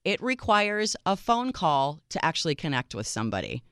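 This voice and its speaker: A woman's voice: sits low, big pitch swings, normal speed, a bit bright, no room sound, studio quality. A woman co-hosting a radio talk show, upbeat and chatty, who reads listener emails aloud. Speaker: radio co-host. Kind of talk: casual chat.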